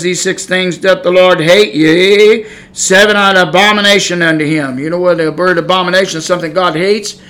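A middle-aged man delivers a sermon to podcast listeners through a podcast mic, his voice high, bright, and piercing. He rises into shouted warnings, then eases back into loose, chatty asides. The recording is rough.

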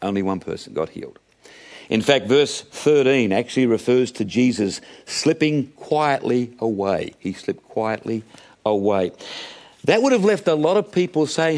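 A man's voice: mid-range voice, very animated, moderate pace, darkish tone. A middle-aged man preaching a sermon, calling his listeners friends and acting out the voices of Bible characters.

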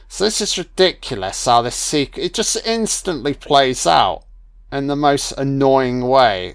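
A man's voice: mid-range voice, a bit bright, no room sound. Sarcastic man swearing through a film. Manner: sarcastic, heavy swearing, irreverent. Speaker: film commentator. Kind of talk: casual profane movie commentary.

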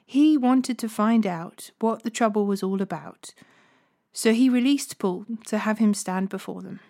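A woman hosting a daily Bible reading, reading scripture in a measured, unhurried way. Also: medium pitch, gravelly, dark tone.

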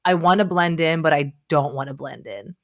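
A woman's voice: low-pitched, moderate pace. A woman speaking candidly and expressively in a casual chat, with self-deprecating humor.

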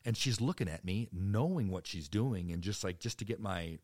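At a normal pace and with no room sound, a thirtysomething man spins loose, wandering anecdotes about his own life. His delivery is lively, and he breaks into squeaky, high voices whenever he quotes someone else.

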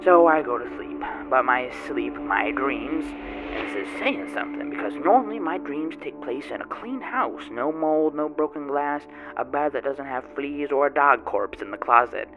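A man's voice: medium pitch, animated, moderate pace, dull audio, natural voice. Man doing a boastful grubby tomato-growing drinker, rambling folksy yarn, odd grammar, mid-range voice, music playing underneath. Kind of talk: first-person character monologue.

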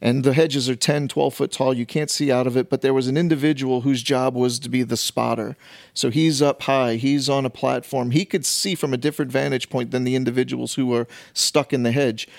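A man's voice: medium pitch, steady tone, fairly quick, gravelly, no room sound, clean studio sound. A man in casual conversation, explaining ideas through long illustrations with many fillers. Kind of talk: casual conversation about faith.

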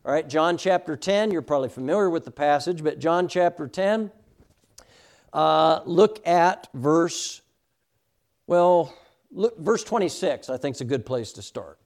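Lively, high-pitched man teaching Sunday school. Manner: emphatic, asks the class "all right?" often, reads verses slowly. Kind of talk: Bible teaching to a class.

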